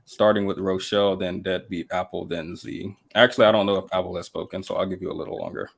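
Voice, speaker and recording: A man hosting a live-stream panel, speaking in a measured, polite way with frequent hesitations. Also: low-pitched, fairly even intonation, vocal fry. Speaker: host moderating a panel.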